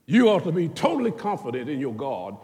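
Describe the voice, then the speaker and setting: A man preaching a sermon in a folksy, animated way, swinging between loud bursts and hushed asides. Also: fairly high pitch, fairly quick. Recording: long hall reverb.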